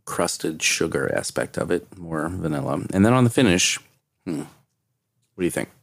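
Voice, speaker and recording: Man, very low voice, casual podcast co-host who jokes a lot. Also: sing-song, normal speed, gravelly, breathy edge, no room sound, clean studio sound. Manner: joking, chatty. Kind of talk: casual whiskey-tasting chat.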